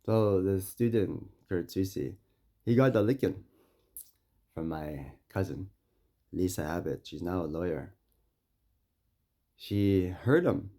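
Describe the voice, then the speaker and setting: A man from Saskatchewan, Canada, speaking directly to a mayor and making demands, with confrontational stories that swing between loud and quiet. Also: deep voice, a little slow, long pauses. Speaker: First Nation community member addressing a mayor. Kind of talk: impassioned direct address and storytelling.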